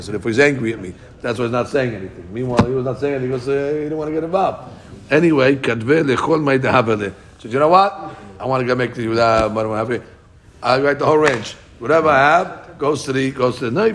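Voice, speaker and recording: A man teaching a Talmud class, reading Aramaic lines and explaining them in English, his voice jumping up when he acts out the speakers. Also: medium pitch. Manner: animated, voice jumps up when acting out speakers.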